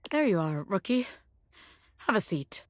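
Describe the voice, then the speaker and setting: A woman voicing a cocky young gangster who is a bobby pin, with tough streetwise talk and a soft side underneath. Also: mid-range voice, big pitch swings, unhurried, no echo, studio quality. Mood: wistful. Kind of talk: video game voice acting.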